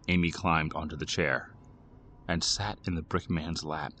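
A man narrating a scripted horror story with a dramatic, expressive reading. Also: extremely low pitch, unhurried.

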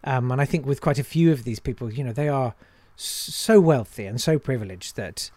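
A man's voice: medium pitch, brisk, darkish tone, no echo. A man, a comedian and impressionist, chatting casually and self-deprecatingly in an interview.

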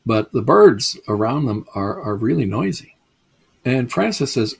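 Man, lecturer type; rambling, amused delivery, raspy low grit. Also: very animated, a little slow. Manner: chatty and digressive, chuckles at the stories. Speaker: lecturer on mysticism. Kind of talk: storytelling lecture.

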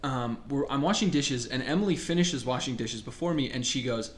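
A young man co-hosting a podcast, telling a story in casual, animated chat and laughing as he goes. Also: medium pitch, brisk, few pauses, a little hiss or hum. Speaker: podcast co-host.

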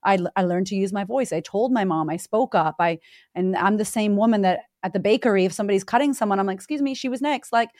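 Animated woman coach telling stories. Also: medium pitch, quick pace, no echo, studio quality. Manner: animated storyteller, acts out quotes. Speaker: confidence coach, podcast guest. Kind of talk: casual podcast interview.

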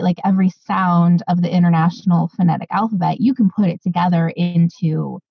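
A woman co-hosting a podcast, chatting casually and excitedly with lots of fillers. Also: on the low side, no room sound, highs cut off. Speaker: podcast co-host. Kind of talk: casual chat.

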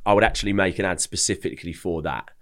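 Young male guest, very low pitch, casual rambling storyteller. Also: fast, a bit bright, clear, resonant tone. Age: young adult. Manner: chatty, repeats words when starting sentences. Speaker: podcast guest.

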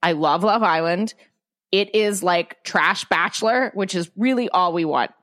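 Woman w a lowish voice, chatty and blunt, cusses a lot, keeps restarting. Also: unhurried, a bit bright. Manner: candid, swears freely, many restarts. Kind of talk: casual chat.

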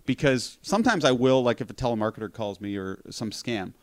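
A man telling a long story in casual conversation, animated, swearing freely and laughing at his own account. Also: medium pitch, fairly quick, no room sound.

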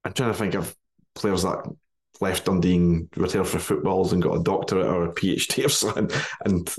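Scottish male podcast host, lowish voice, jokey banter, laughs a lot. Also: steady tone, brisk, a little mellow. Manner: jokey, laughs often, broad dialect words. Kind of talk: casual football podcast chat.

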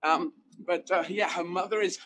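A man, a comedian, talking in an animated, emphatic way with rambling asides during an interview, apparently while out running. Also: high voice, normal speed, slight background noise, rough recording. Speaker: guest comedian. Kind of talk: conversational interview.

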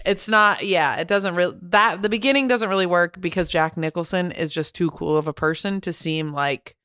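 A woman co-hosting a casual movie podcast, candid and jokey, quick to laugh. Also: on the low side, a bit bright, clear, resonant tone, dry recording, clean studio sound. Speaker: podcast co-host.

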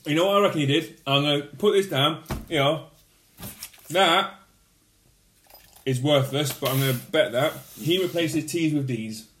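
A man's voice: a little high, normal speed, long pauses, fairly bright tone, slight background noise. A man, co-hosting a casual football podcast, telling stories and acting out other people's lines. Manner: storytelling, acts out others in quoted voices. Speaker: podcast co-host. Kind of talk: casual chat. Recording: roomy echo.

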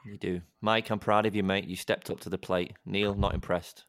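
A man's voice: lowish voice, level tone, normal speed, a bit bright, dry recording, clean studio sound. A man co-hosting a channel, teasing his friends in casual, playful banter. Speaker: co-host.

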